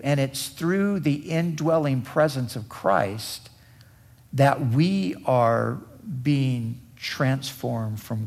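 A man preaching a sermon as pastor, with deliberate emphatic repetition. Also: medium pitch, vocal fry, husky.

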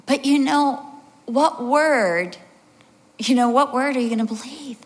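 A woman's voice: high-pitched, unhurried, big-room sound. A woman in her sixties preaching a sermon, telling stories with animation and acting out the voices of the people in them. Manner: animated storytelling, acts out voices.

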